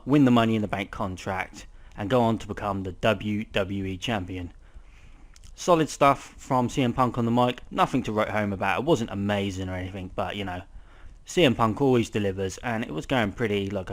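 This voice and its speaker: A young man giving a casual, rambling review of a wrestling show, swearing often and filling pauses with ums. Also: lowish voice.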